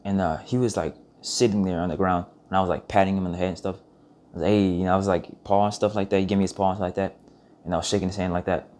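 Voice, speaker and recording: A young man with a very low voice tells a story in a loose, rambling vlog monologue. He swears often and keeps restarting his sentences as he goes. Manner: rambling, profane, animated retelling with restarts. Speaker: vlogger.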